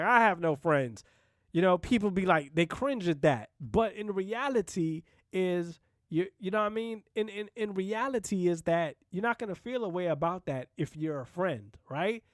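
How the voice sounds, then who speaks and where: A podcast host talks alone in a blunt, casual way, swearing and often adding "you know what I mean." His voice is high-pitched, recorded cleanly at studio quality with no echo.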